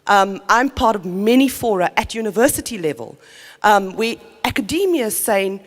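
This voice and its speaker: A woman, a community development worker, giving an earnest, energetic conference talk. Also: mid-range voice, normal speed. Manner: earnest, energetic, self-interrupting. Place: conference hall. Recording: long reverb of a conference hall.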